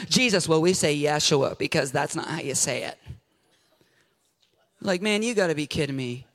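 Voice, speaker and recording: A man preaching a sermon, building to shouted passion and then easing into quiet storytelling. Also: fairly high pitch, normal speed, long pauses.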